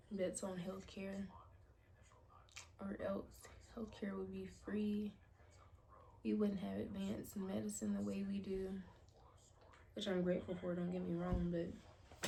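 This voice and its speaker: A twenty-something woman from the United States, working as a beauty vlogger, talks casually with plenty of slang while tending to her toenails, often whispering. Her mid-range voice is creaky and warm, with a little hiss or hum in the recording.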